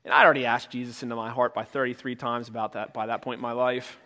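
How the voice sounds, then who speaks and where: A man preaching a sermon as pastor, talking conversationally and acting out quoted voices with sudden loud shouts. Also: medium pitch, flat delivery, quick pace. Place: church sanctuary. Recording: long reverb of a church hall.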